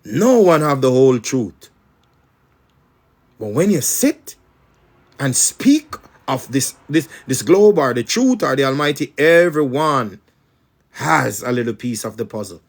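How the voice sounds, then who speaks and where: A man's voice: medium pitch, big pitch swings, a little slow. A man with a Jamaican accent, preaching as a spiritual teacher in an emphatic, repetitive patois-laced monologue.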